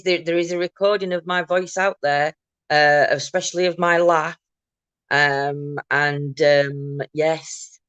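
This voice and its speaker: A woman chats her way through a casual morning livestream at home, greeting viewers one by one. Her laugh is big and loud. The sound is close and dry, with no room echo. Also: low-pitched. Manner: chatty, greets viewers by name, laughs loudly. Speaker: livestream host.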